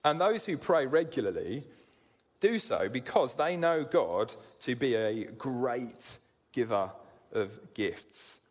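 A man's voice: mid-range voice, expressive, slow. Man, preacher, earnest sermon, stumbles and repeats words, long church hall reverb. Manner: earnest, repeats words while starting sentences.

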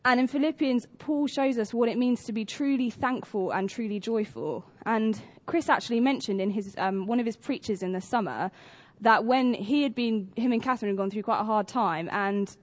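A woman's voice: on the high side, normal speed, hardly any pauses. Conversational British woman preaching. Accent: British English. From Britain. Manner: conversational, acts out stories with lively voices. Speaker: church speaker. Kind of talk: sermon talk. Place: church.

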